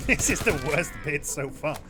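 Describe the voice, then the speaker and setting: A man streaming a game, rambling casually, self-mocking, with loud bursts of mock indignation. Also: mid-range voice, lively intonation, brisk. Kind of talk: casual gaming stream chat. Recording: game music behind.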